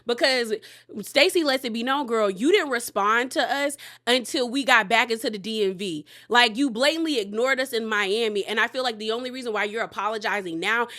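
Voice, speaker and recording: Bright-voiced woman gossiping through a recap. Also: a little high, a little fast. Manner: chatty, animated retelling with quoted voices. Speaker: recap commentator.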